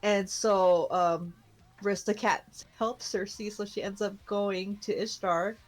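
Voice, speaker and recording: A young woman on a casual podcast, walking through a story with a chatty, rambling rhythm. She is easygoing and conversational, stacking "like" and "and then" as she goes. Her pitch sits in an ordinary middle range. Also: steady tone, slow. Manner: chatty, loose storytelling with many fillers and laughs. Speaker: podcast co-host. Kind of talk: casual chat recapping an anime.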